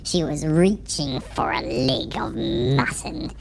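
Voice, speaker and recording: A man voicing an old drunken villager who rambles in a slow, folksy rustic dialect. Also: a little high, expressive, vocal fry, a little hiss or hum, pitched above the performer's own voice, full character voice, poor audio. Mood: rambling.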